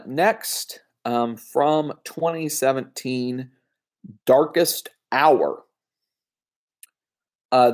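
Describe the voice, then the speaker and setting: A man's voice: medium pitch, darkish tone. A man giving casual spoken movie reviews on his own, chatty and full of fillers and asides. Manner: conversational, frequent fillers and asides. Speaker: film reviewer.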